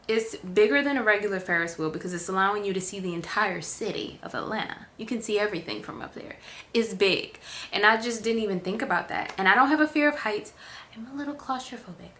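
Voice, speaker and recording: A woman vlogger telling a casual storytime, chatty with lots of fillers, acting out quotes with big jumps in pitch. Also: fairly bright tone.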